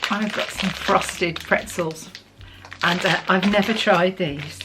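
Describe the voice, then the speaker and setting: A middle-aged English woman from the UK, chatting warmly and emotionally as she opens a parcel for her vlog. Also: lowish voice, steady tone, slow, very noisy. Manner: chatty, gushing, emotional, laughs often. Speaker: vlogger. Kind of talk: casual chat while opening a parcel.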